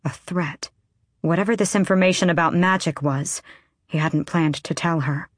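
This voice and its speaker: In studio-quality audio with no echo, a woman on the lower side of pitch tells an audiobook story in an even, measured way.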